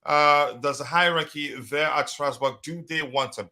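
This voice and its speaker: A man's voice: on the high side, normal speed, sharp tone. A man hosting a casual live stream, talking loosely with many fillers and restarts. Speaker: podcast host.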